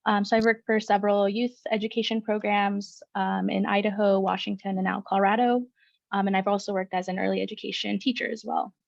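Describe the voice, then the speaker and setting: A woman's voice: mid-range voice, little pitch movement, a little fast, gravelly, dry recording. Woman, education coordinator presenting, says um a lot, dull lo-fi call audio. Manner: many filler ums. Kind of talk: casual presentation. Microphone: video call.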